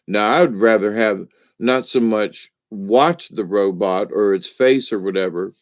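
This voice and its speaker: A man's voice: on the low side, no room sound. An older man rambling through a casual monologue, joking and laughing often as he talks. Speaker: spiritual vlogger. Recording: dull lo-fi, dry.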